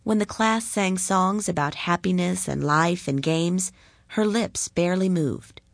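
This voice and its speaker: A woman reads a story aloud in a calm, deliberate voice, taking her time over every line. Her pitch sits slightly low and the recording is close and dry. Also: vocal fry, no room sound. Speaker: narrator.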